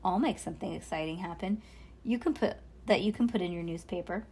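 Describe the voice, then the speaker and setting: A woman reading aloud and voicing a loud, boastful young boy who insists on making excitement happen. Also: lowish voice, fairly quick, slight background noise, lightly acted.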